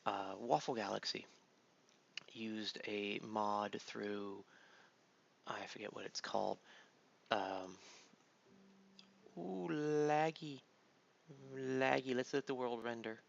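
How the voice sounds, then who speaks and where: An adult father gives meandering let's-play commentary, heavy on fillers, with the air of a weary dad at his home computer. His fairly low, gravelly voice keeps fairly even intonation, moves slowly and leaves long pauses. It's captured on a dull lo-fi mic with a little faint noise.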